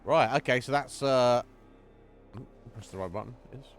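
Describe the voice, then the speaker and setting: A man's voice: mid-range voice, normal speed, soft background music. A man streaming a game, chatting loosely, swearing and laughing at what happens. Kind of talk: live gaming commentary.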